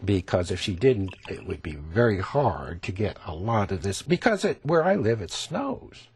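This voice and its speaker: A man's voice: on the low side, sing-song, moderate pace, darkish tone, husky, dry recording. A man teaching a TV painting lesson in a chatty, folksy way, laughing at his own jokes. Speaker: painting instructor.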